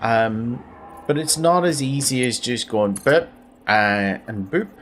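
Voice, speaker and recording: A man's voice: medium pitch, lively intonation, slow, fairly bright tone, a little hiss or hum. Tired Belfast man rambling over gameplay. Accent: Northern Irish, Belfast. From Northern Ireland. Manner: rambling, self-deprecating, repeats words. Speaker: gaming video host. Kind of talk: casual gameplay commentary.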